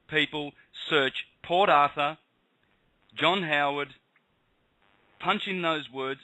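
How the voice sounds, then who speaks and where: Impassioned male radio host, bright voice. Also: medium pitch, no echo, low-quality recording. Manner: impassioned, emphatic ranting. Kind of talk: heated call-in radio talk.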